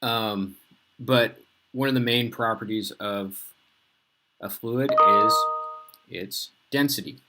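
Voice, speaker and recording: Brief: slow, low-voiced male teacher. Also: soft background music. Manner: casual, filler-heavy, relaxed explaining. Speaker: physics teacher. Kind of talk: recorded lesson.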